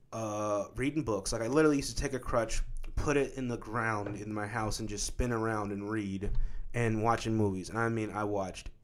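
A man's voice: fairly low pitch, fairly even intonation, normal speed. A man telling a comic story in casual conversation as a guest, loose and profane, full of likes and rights. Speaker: filmmaker guest.

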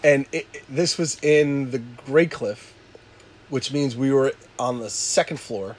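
A man casually telling a rowdy story with lots of swearing, shouting out the lines he quotes. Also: mid-range voice, unhurried, a little hiss or hum. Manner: animated, swearing, loud acted-out quotes. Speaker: podcast co-host telling a story.

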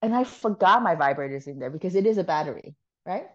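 A woman with a notably low voice tells a story as a podcast guest, animated and quick to swear and laugh. The recording sounds slightly muffled. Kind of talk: casual storytelling.

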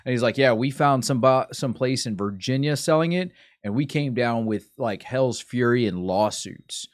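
A man chatting casually on a stream in a middle-pitched voice. He rambles, breaks off mid-sentence and wanders onto side topics. The sound is dry and close, with no room echo. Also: normal speed. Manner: rambling, sidetracked, self-interrupting. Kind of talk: casual chat.

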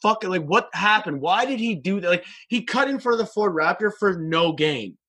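A man telling a story in casual chat, profane and animated. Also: sits high, moderate pace, slightly rough.

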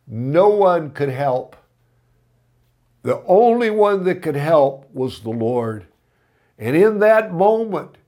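Male pastor, slow deliberate sermon delivery, slightly raised pitch, earnest and building to passion. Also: a little mellow. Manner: earnest storytelling that rises to impassioned emphasis.

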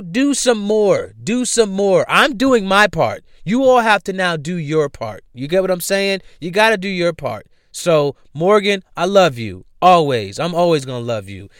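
A man's voice: mid-range voice, clear, resonant tone, dry recording, clean studio sound. A young man from New hosting a solo podcast, ranting bluntly and profanely in a casual way. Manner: profane, blunt, heated rants then relaxed sign-off. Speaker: podcast host. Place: home room.

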